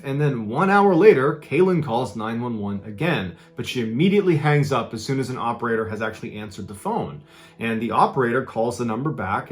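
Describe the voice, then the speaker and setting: A man hosting a show, telling a dark true story in a dramatic, conversational way with casual fillers. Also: medium pitch. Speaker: host and storyteller. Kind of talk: true-crime storytelling narration.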